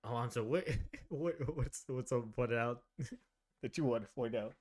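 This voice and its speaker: A man's voice: mid-range voice, unhurried, darkish tone, a little hiss or hum. A man co-hosting a podcast among friends, recounting the story with giggles. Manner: giggly, recounting with quoted bits. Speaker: podcast co-host. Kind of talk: casual chat among friends.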